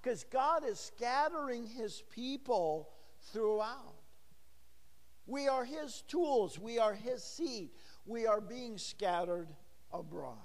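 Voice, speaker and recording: A man's voice: very high-pitched, animated, takes it slowly, in a large hall. A middle-aged man preaching a sermon in a church, talking with the congregation and asking them questions. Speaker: pastor.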